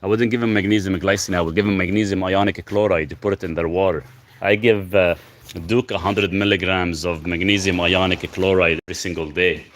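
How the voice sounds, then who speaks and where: A man from Lebanon hosting a casual livestream, answering viewers' health questions in a relaxed, rambling way. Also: sits low, brisk, slight background noise. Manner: relaxed, rambling, talks softly to his dog between questions. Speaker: health channel host answering live chat.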